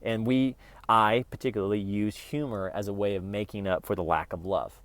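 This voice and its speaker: Low-voiced man giving a casual self-help talk. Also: steady tone, moderate pace, fairly bright tone, no room sound. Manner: conversational and joking, with frequent restarts. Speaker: YouTube channel host.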